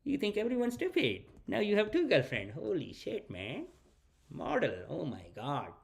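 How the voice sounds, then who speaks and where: Brief: a gruff dad, half angry, half proud, swearing in broken English, put on by a man. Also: sits high, huge pitch swings, normal speed, pitched above the performer's own voice, heavily acted. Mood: scolding.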